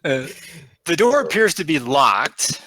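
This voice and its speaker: A man's voice: on the high side, very animated, measured pace, bright, forceful tone, no echo, low-quality recording. A man narrating as game master of a tabletop game, rambling with fillers and restarts.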